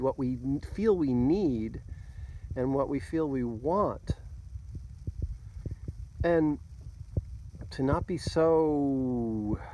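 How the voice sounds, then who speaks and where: A man in his fifties musing slowly to himself as a podcast host, recorded on a phone outdoors by a lake. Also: mid-range voice, slight background noise, poor audio. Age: 50s. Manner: slow and musing, laughs softly to himself. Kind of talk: reflective solo talk. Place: outdoors by a lake at day's end.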